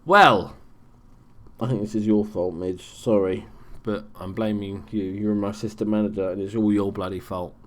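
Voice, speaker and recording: A man's voice: lowish voice, steady tone, moderate pace. A young man giving casual, sweary commentary on his football management game as host. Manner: swears freely, reacts loudly to plays. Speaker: let's play host.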